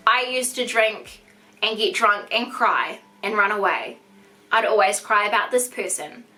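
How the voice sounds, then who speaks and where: A woman's voice: medium pitch, measured pace, bright, forceful tone. A 25-year-old woman with a New Zealand accent tells a personal story to camera, frank and chatty, with lots of "like" fillers. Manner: frank and chatty, heavy use of "like". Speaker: vlogger. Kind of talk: candid storytime monologue.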